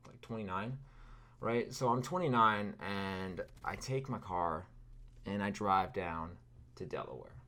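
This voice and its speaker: A man's voice: deep voice, expressive, a little slow, pushed and bright. A man in his thirties from California, telling a rambling, sarcastic story full of fillers and asides over gameplay. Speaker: gaming video creator.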